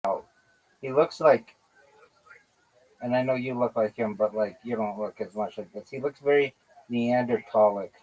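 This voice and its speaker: A man's voice: mid-range voice, normal speed, long pauses, darkish tone, low-quality recording. A man hosting a livestream, chatting casually and teasing his friend in a playful way. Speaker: livestream host. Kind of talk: casual chat.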